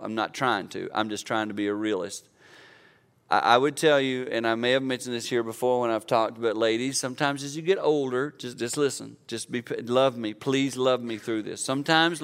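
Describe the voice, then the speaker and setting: Casting: man, fifties, pastor, bright crisp voice, earnest conversational preaching. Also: medium pitch. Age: 50s. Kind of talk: sermon.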